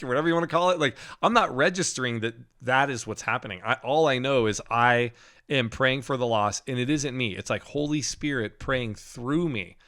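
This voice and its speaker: Animated man telling a faith story. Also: medium pitch. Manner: animated storytelling with laughs and restarts. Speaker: podcast co-host. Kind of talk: casual faith testimony.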